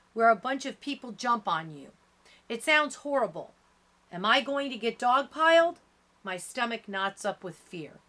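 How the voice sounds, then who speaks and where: A woman's voice: fairly high pitch, sharp tone. A woman reading a middle-grade novel aloud. She stops now and then to explain and sum up, and she lifts her voice for the characters' lines.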